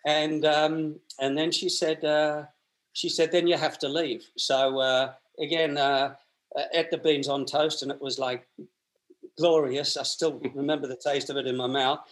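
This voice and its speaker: A man's voice: on the high side, flat delivery, measured pace. A man, telling stories as a podcast guest, acting out voices, with many restarts. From Australia. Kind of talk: casual storytelling.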